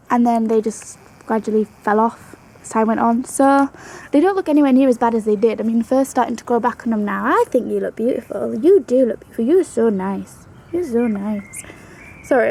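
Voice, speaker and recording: A woman's voice: fairly high pitch, gravelly, a little mellow, slight background noise, low-quality recording. A young woman vlogging at home about her pet rabbit in a chatty, fond way, now and then cooing to the animal. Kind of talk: casual storytelling to camera.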